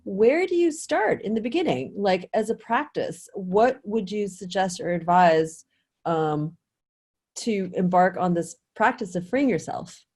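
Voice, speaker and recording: A woman's voice: medium pitch, animated, a little slow, a little mellow, slightly rough. A woman interviewer asking a guest questions, in hesitant, searching phrasing. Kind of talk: casual interview.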